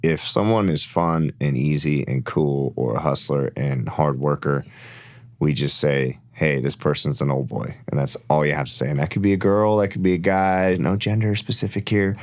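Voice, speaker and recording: A middle-aged man in casual chat, telling stories in a laid-back way, swearing freely and loudly acting out quotes. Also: very deep voice, fairly even intonation, normal speed. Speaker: podcast guest, rock and country musician.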